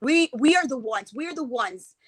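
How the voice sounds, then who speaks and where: A woman's voice: high-pitched, expressive, moderate pace, breathy edge, no room sound. A woman giving an impassioned, emotional talk as a guest speaker, rambling and restarting her sentences as she goes.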